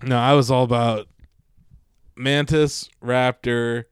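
Smooth-voiced man chatting. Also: mid-range voice, flat delivery, slow, no echo, clean studio sound. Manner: reactive, laughs often. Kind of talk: casual chat.

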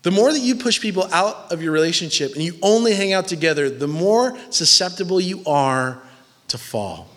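Animated young male preacher in a hall. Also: a little high. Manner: animated, conversational, jokey. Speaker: pastor. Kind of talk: sermon. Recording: long reverb of a large hall.

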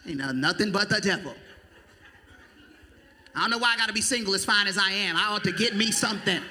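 A man's voice: high voice, fairly quick, bright, forceful tone, a little hiss or hum. Man doing a whiny churchgoer who blames the devil. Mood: whiny indignant. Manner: whiny, indignant complaining. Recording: echoey hall.

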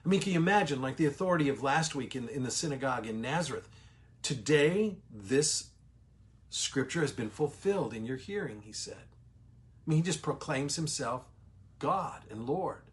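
A man teaching the Bible to an online audience, his voice rising and falling with lively expression. He talks it through conversationally, often restarting his sentences as he thinks aloud. His pitch sits in an ordinary middle range for a man.

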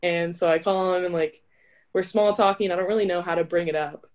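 A young woman speaks as an interview guest, chatty and easygoing. Her voice sits a little low for a woman. She keeps dropping "like" into her sentences as she tells her story. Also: fairly even intonation, fairly quick, darkish tone. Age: young adult. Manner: chatty, with frequent filler "like". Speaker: interview guest, college volleyball player. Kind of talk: casual storytelling.

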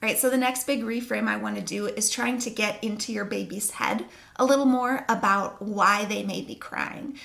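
A woman sleep coach explaining her methods to parents in a calm, reassuring, step-by-step way. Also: mid-range voice, normal speed, creaky. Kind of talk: instructional talk to camera.

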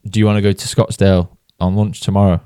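A man's voice: low voice, level tone, fast, dark tone, smooth, no echo, clean studio sound. A man from England, co-hosting a golf podcast, telling a story in casual chat and laughing often as he goes. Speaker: podcast co-host.

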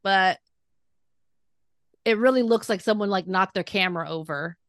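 A woman's voice: medium pitch, normal speed, dry recording, studio quality. A woman guest on a podcast, chatting casually about films with frank, emphatic opinions. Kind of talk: casual movie chat.

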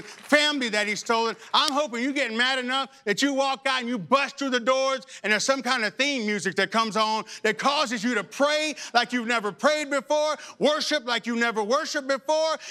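A male pastor preaching a sermon in an animated, humorous and exhorting way. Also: extremely high pitch.

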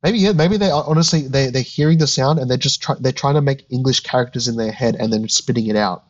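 A man's voice: mid-range voice, quick pace, dull audio. A man, co-hosting a podcast and thinking aloud in casual chat. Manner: musing, thinking aloud with restarts. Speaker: podcast co-host.

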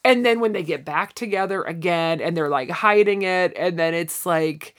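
A woman's voice: on the low side, normal speed. A woman co-hosting a podcast in casual chat, retelling scenes and acting out the characters' lines in quoted voices. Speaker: podcast co-host.

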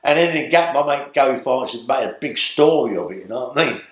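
In a storytelling interview with a roomy, echoing sound, a man in his seventies from London talks quickly in a medium-pitched, lively voice with a London accent. He rambles through long tales as the guest, tacking on "yeah?" and "you know what I mean?".

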